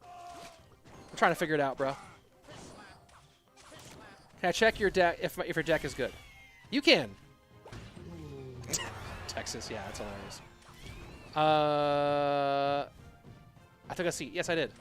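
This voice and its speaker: A man casting an esports tournament on a live stream, rambling casually while reading chat and breaking into excited play-by-play. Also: on the high side, takes it slowly, long pauses, faint music behind. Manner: rambling, self-deprecating, reads chat aloud; bursts into loud excited play-by-play. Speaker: esports caster.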